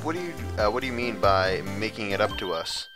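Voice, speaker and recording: A man voicing a young male defense lawyer in a dry, deadpan manner. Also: lowish voice, fairly quick, over music, voice pushed down, natural voice.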